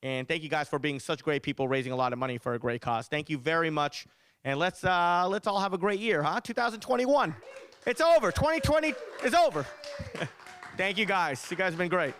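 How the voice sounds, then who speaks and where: A man in his thirties doing an animated stand-up set as host of a charity show. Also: a little high, a little fast, smooth. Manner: animated, exaggerated storytelling. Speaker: comedian and event host.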